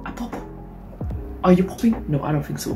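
A woman's voice: on the low side, rapid-fire. A young woman, chatting casually and swearing playfully while doing her makeup on camera. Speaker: beauty vlogger. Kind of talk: casual get-ready-with-me chat. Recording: music playing underneath. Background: background music.

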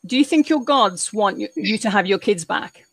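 A woman's voice: medium pitch, expressive, normal speed. A woman asking pointed questions on an online group call. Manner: probing, questioning.

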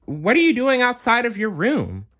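Storybook read-aloud: a man doing an earnest young queen, pitched well up and lively. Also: moderate pace, heavily acted. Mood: flustered. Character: young adult ice queen, older sister, eager.

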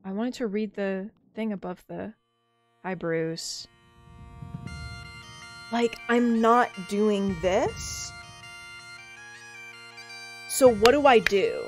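A woman game master chatting casually while streaming, animated and self-deprecating. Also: mid-range voice, slow pace, pauses often, soft background music. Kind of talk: casual chat.

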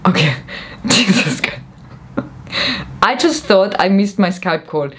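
A woman's voice: medium pitch, expressive, takes it slowly. A young woman rambling in a comedic vlog, frazzled and worn out, self-mocking and giggly. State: frazzled and mentally tired. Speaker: vlogger.

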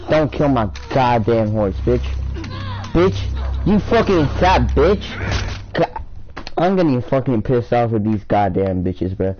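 A man's voice: medium pitch, very animated, slow pace, darkish tone, faint music behind. A man giving casual, profane, trash-talking commentary while playing a game. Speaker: game streamer. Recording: dull lo-fi mic with faint noise.

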